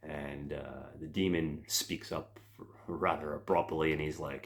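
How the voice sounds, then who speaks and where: A man's voice: a bass voice, steady tone, a little slow. A man giving a casual, meandering movie review and addressing his listeners as guys. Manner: meandering, hesitant.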